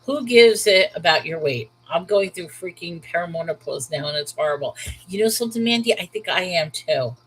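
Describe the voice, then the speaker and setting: Brisk and animated, a Brooklyn-accented woman from New York in her thirties hosts a laid-back Bible livestream, greeting viewers by name in a candid, emphatic way. Her pitch is fairly low, and the rough audio carries slight background noise.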